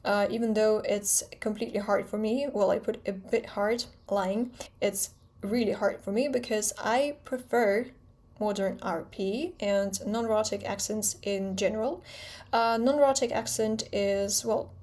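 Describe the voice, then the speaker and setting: A woman's voice: mid-range voice, fairly even intonation, unhurried, a little mellow. A young woman whose first language is Russian, speaking English with a British accent in a chatty, candid vlog lesson, often correcting herself as she explains. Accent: British English with a Russian background. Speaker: language teacher and vlogger.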